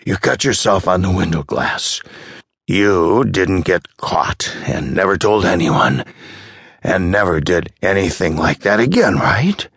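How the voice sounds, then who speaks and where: A man's voice: sits low, expressive, unhurried, creaky, a bit bright, husky, no room sound, clean studio sound, exaggerated voice. A man voicing a frantic old male patient who pleads urgently in an audiobook.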